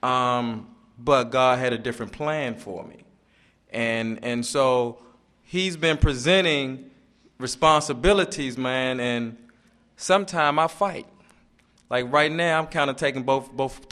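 A middle-aged man speaks at a recovery meeting, earnest and halting, repeating himself as he works through what he wants to say. His pitch sits in an ordinary middle range. The talk is personal testimony, unpolished and sincere. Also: pushed and bright.

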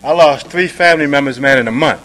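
A man giving a personal recovery testimony at a meeting, talking casually and tagging lines with "man" and "right?", now soft and low, now loud and emphatic. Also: fast talker, poor audio. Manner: conversational, peppers talk with "man", "right?" and "you dig?"; swings between soft, low passages and louder, emphatic ones. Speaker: speaker sharing at a recovery meeting.

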